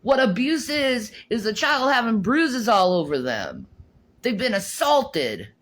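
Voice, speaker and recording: A middle-aged woman rants on a livestream in a fairly high, sing-song, slightly bright voice, never hurrying. Swearing and confrontational, she often repeats words and restarts what she's saying.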